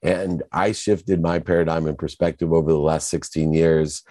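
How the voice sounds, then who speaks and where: A middle-aged man tells his story as an interview guest with strong emphasis. His voice sits very low and sounds dark and mellow. The recording is dry and close. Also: steady tone, normal speed, no echo.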